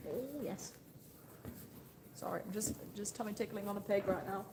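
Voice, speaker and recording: A woman's voice: medium pitch, little pitch movement, quick pace, long reverb tail. A woman livestreaming from her farm. She coos fondly at her animals and chats and laughs with viewers. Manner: coos affectionately at animals, laughs often, rambles chattily. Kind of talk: chatty livestream talk to viewers. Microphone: handheld phone camera. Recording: noisy outdoor farm sound.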